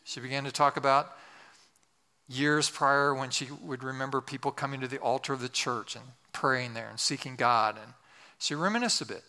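Older male pastor, storytelling sermon, humorous asides, bright forceful voice, long hall reverb. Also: medium pitch, normal speed. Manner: humorous, self-deprecating asides.

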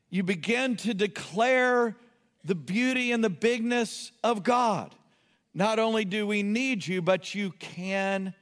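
A man preaching a sermon with passion, rising to shouted cries and then dropping to quiet asides. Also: high voice, long reverb tail. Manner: impassioned, builds to shouted cries, self-correcting asides. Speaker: pastor.

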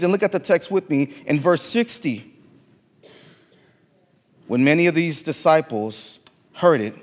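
A man's voice: fairly high pitch, big-room sound. A man with a Latino accent preaching a sermon as pastor, emphatic and repeating phrases for weight in a church sanctuary.

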